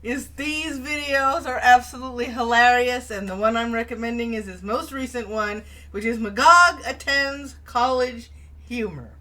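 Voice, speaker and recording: A chatty middle-aged woman co-hosting a casual talk show, with a bright, forceful voice that sits a little high. She laughs easily as she talks. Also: moderate pace. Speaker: co-host. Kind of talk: casual news and chat show.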